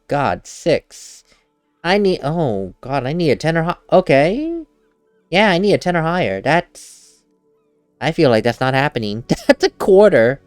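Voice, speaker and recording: A man's voice: a little high, no echo. A man giving casual gameplay commentary as a let's play host, chatty and laughing at himself, at a desk mic at home.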